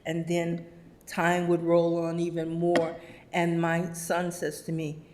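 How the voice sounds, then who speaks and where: A woman's voice: fairly low pitch, monotone, takes it slowly, a little mellow. Brief: middle-aged woman, eulogy storyteller, laughs through anecdotes, mimics voices. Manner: anecdotal, laughs often, acts out quoted voices. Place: funeral service.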